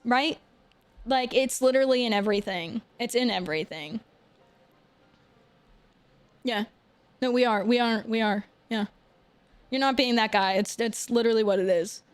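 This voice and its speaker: Chatty woman streamer, higher voice. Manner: chatty, answers viewer comments in quick bursts; soft baby talk to her dog. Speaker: live streamer. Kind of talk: casual live-stream chat.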